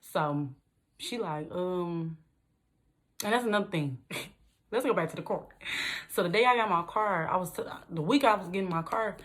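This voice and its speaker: A young woman talks straight to her viewers in an easygoing vlog. Her voice sits a little low, and she jumps up in pitch to make a point. She keeps things loose and animated and laughs often. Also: normal speed, long pauses. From Detroit, USA. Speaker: vlogger. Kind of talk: casual storytelling to camera.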